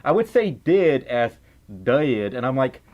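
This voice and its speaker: A man's voice: medium pitch, big pitch swings, moderate pace, lo-fi sound. A tired, sleep-deprived young man with a Southern accent, giggling and rambling playfully as he chats with viewers on a livestream. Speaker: livestream host. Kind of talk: casual livestream chat.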